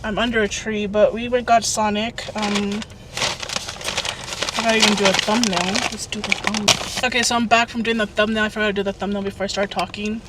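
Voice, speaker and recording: A woman's voice: medium pitch, level tone, brisk. Chatty young woman vlogging from a car. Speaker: lifestyle vlogger. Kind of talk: casual chatty vlog talk. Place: inside a parked car under a tree. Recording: distant mic with air conditioner hum. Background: air conditioner running.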